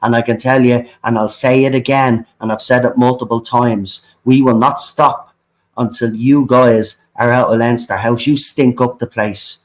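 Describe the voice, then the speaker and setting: A man's voice: mid-range voice, steady tone, normal speed, poor audio. An Irish man hosting a livestream, ranting with fiery passion, swearing often and repeating himself. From Ireland. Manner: fiery, repetitive, swears often, keeps asking "right?". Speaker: livestream host. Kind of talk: impassioned livestream rant.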